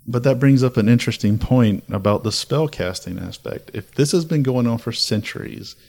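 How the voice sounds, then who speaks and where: A man's voice: mid-range voice, moderate pace, gravelly, darkish tone. A man hosting a casual podcast chat, telling spooky folklore with dramatic, building lists. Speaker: podcast host.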